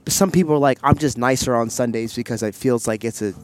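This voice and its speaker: Talking quickly in a medium-pitched voice, a male podcast host shares a long personal story in casual chat, candid and meandering with plenty of fillers and asides. He's recorded outdoors in public using a headset mic.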